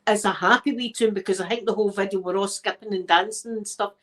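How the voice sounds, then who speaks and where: A woman's voice: mid-range voice, steady tone, quick pace. A Scottish woman, an ASMR creator, chatting casually to her viewers as she tells a story, laughing often and checking in with "right?". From Scotland.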